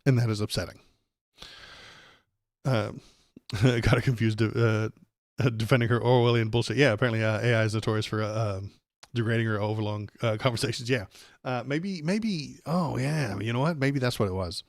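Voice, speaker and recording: A man's voice: medium pitch, normal speed, no echo, studio quality. A man hosting a live political stream, ranting angrily and sarcastically with plenty of profanity. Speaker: livestream political commentator.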